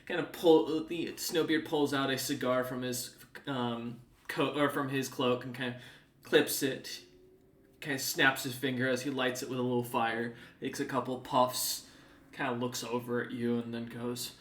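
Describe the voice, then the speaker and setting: A man's voice: medium pitch, flat delivery, normal speed, a bit bright, reverberant. A man narrating as game master of a tabletop game, describing scenes loosely with many fillers.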